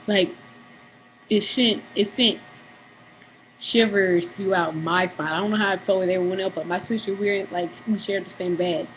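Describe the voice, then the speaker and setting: A woman's voice: medium pitch, fairly even intonation, normal speed, muffled recording, slight background noise. A young woman vlogger telling a story to the camera in a casual, rambling way, full of fillers and acted-out family voices.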